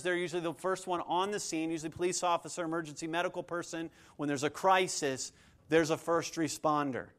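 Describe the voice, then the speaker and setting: Pastor, male, high-pitched, preaching with strong rising emphasis. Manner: rising to forceful emphasis, voicing imagined listeners' objections. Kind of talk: sermon.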